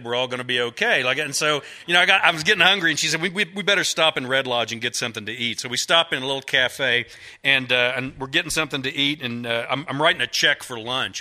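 A man's voice: mid-range voice, sharp tone. A middle-aged man, an author, telling a rambling, self-mocking story to a live audience in a folksy, casual way. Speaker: author speaking to a bookstore audience.

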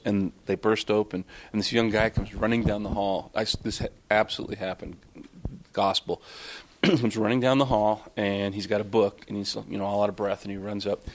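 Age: adult. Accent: none. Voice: rambling low-pitched man. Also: slight background noise. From Florida, USA. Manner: rambling, self-interrupting, many fillers, chuckling. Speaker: author at a book talk. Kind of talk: casual live storytelling to an audience.

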